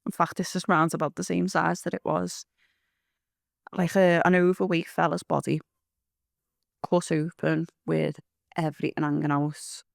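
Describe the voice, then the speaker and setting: A woman recounts her experiences in a blunt, rambling way, with swearing scattered through her talk. Her voice carries a gravelly fry. The sound is dry and close. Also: sits low, level tone, moderate pace, long pauses, no echo. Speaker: interviewee giving testimony. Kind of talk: candid storytelling.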